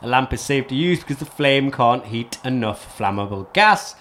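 A man's voice: medium pitch, lively intonation, moderate pace, a bit bright, slight background noise. Rambling podcast host, man. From North East England. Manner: rambling, many restarts and self-corrections. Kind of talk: casual history chat.

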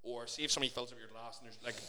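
A man's voice: mid-range voice, very fast, crowd noise. A young Scottish man in casual podcast chat, ranting and telling stories with plenty of swearing. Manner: ranting, swearing, animated storytelling.

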